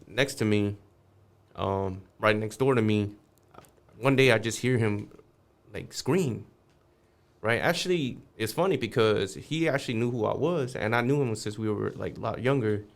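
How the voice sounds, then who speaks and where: On a podcast, a male guest narrates a street anecdote at a measured pace in a lowish voice. He's relaxed about it, curses without hesitation, and acts out what the people said.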